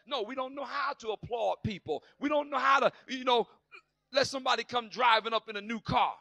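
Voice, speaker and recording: A man preaching with fire in a high, bright voice that has a gravelly rasp. He swings from soaring near-shouts down to quiet, confiding asides and slips into sassy voices for the doubters. The sound is close and dry. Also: fairly quick, no echo. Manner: plays skeptics in sassy put-on voices. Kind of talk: sermon.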